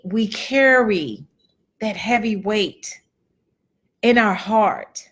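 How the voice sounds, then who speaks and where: A middle-aged woman giving a chatty, earnest motivational talk to a live audience, repeating phrases for emphasis and reading out comments from viewers. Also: on the high side. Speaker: motivational speaker and event host.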